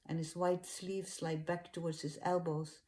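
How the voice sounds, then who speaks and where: A woman retelling a religious story in an unhurried, hesitant way, with fillers and restarts. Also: on the low side, little pitch movement, warm tone.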